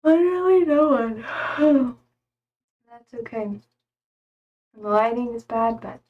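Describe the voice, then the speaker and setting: A woman's voice: a little high, expressive, slow pace, pauses often, lo-fi sound. A young woman streaming live, chatting casually with her viewers, laughing often and swearing freely. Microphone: streaming setup.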